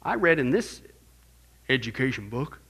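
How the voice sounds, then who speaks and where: A middle-aged man teaching a Bible class in an animated sermon style, swinging from quiet asides to loud exclamations. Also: mid-range voice, normal speed, gravelly, husky.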